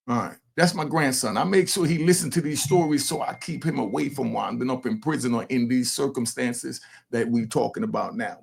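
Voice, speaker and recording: An older man, a grandfather who hosts a true crime show, delivers casual, streetwise commentary straight to camera, blunt and animated toward his viewers. His mid-range voice is gravelly and slightly rough, fairly quick, with hardly any pauses.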